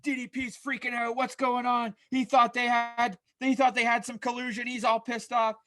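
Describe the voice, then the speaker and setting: A man hosting a fantasy wrestling show, narrating the matches play-by-play with energy that rises to shouts at big moments. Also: very high voice, monotone, normal speed.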